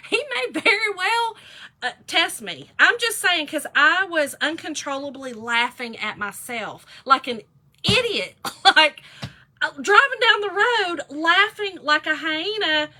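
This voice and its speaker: Woman in her forties, high bright voice, laughing chatty storyteller. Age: 40s. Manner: laughs often, animated, says "y'all" a lot. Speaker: vlogger. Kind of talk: casual storytelling chat.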